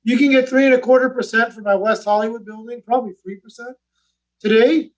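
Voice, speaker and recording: A man talking as a podcast guest, explaining in casual chat with quick restarts. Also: very high-pitched, steady tone, distant mic, poor audio. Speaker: real estate investor guest.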